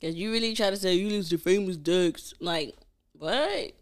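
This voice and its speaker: A young adult woman co-hosting a podcast in casual chat, talking loud and animated and laughing often. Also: lowish voice, normal speed. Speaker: podcast co-host.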